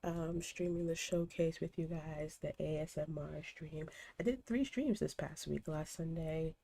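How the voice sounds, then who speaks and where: A woman streaming a cozy game, congested from a cold, gently chatting and greeting viewers by name. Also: sits low, a little slow, vocal fry, a little hiss or hum. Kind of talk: casual stream chat.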